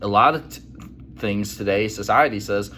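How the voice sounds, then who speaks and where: A man's voice: fairly low pitch, moderate pace, bright, forceful tone, a little hiss or hum, low-quality recording. A man in a casual monologue to camera, blunt and emphatic, with lots of "you know". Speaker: vlogger.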